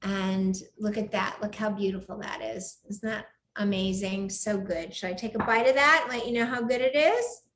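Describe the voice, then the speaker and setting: A woman's voice: medium pitch, moderate pace, hardly any pauses, fairly bright tone. A woman hosting a live cooking show from her home kitchen, chatting with enthusiasm and gushing over the food. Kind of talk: live cooking demo chat. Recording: echoey room.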